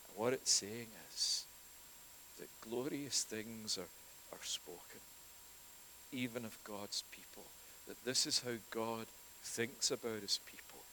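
A man preaching a sermon, telling scripture stories earnestly, rising loud and dropping to near whispers. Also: fairly low pitch, a little slow, slight background noise, poor audio. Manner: earnest, storytelling with dramatic shifts in volume.

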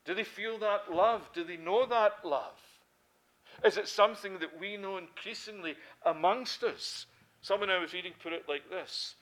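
A man's voice: high-pitched, normal speed, fairly bright tone. A middle-aged Scottish man preaching a sermon, emphatic, who asks questions and answers them himself. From Scotland.

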